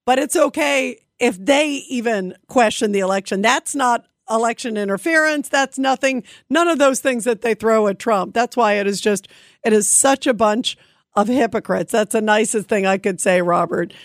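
High-voiced opinionated radio host woman. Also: moderate pace, no room sound, clean studio sound. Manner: emphatic and opinionated, with frequent stutter-starts. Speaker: radio talk show host. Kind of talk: political call-in radio talk.

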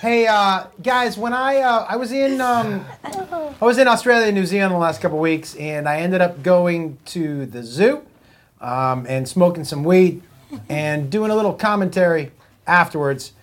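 Man, host, high voice, stoned, casual, stumbling. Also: animated, moderate pace. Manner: loose, stumbling, laughing. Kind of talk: casual chat.

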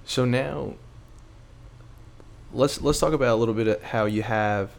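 A man's voice: medium pitch, measured pace, vocal fry. A man interviewing a guest, asking a long, rambling question. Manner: short backchannels, rambling question. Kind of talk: podcast interview.

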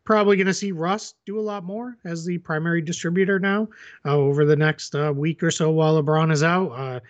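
A man's voice: fairly high pitch, fairly even intonation, a little fast. A man co-hosting a sports podcast, talking casually with many fillers and restarts. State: has the hiccups. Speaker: podcast co-host.

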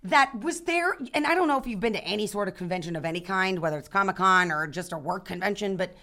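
A woman in her thirties, a guest actor telling stories in a casual podcast chat, animated and full of restarts. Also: mid-range voice, fast. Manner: animated storyteller, many restarts and fillers.

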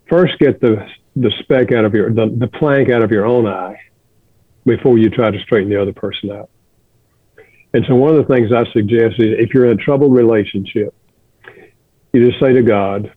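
An older man shares a heartfelt story in a gentle, earnest manner. His voice comes through a narrow, phone-like line, dry and close. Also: medium pitch, dry recording. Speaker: guest, author and counselor. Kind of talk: reflective storytelling.

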